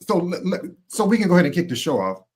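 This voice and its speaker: A man's voice: high-pitched, big pitch swings, fast, husky. A man hosting a radio talk show, chatting casually with loose "you know" fillers.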